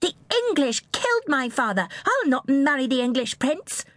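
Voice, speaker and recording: Actress as a spirited child queen, high, bold and quick-tempered. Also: very animated, a bit bright, dry recording. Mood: defiant.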